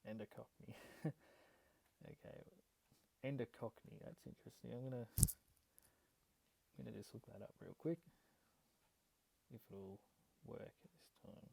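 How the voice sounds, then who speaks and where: Gravelly Australian prospecting vlogger. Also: male voice, medium pitch, takes it slowly, pauses often, dark tone, a little hiss or hum, poor audio. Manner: casual, hesitant, many ums and restarts. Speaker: gold prospecting YouTuber. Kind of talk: casual vlog reading an old letter.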